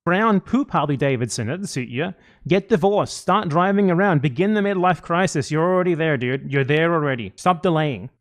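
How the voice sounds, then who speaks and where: A man's voice: on the high side, animated, fairly quick, hardly any pauses. A man giving sarcastic, mocking commentary in an online video. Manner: mocking, sardonic.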